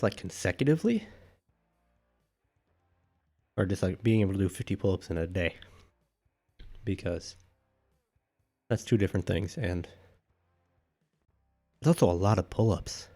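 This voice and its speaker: A man's voice: fairly low pitch, dark tone. A man chatting casually to his live-stream viewers, out of breath after doing pull-ups and rambling as he thinks aloud. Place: indoors at home.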